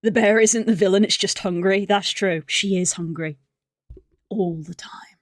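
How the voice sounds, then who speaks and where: A woman streamer chatting casually and excitably on a live art stream, rambling through tangents from a room at home. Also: mid-range voice, moderate pace, no echo, clean studio sound. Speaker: livestreamer.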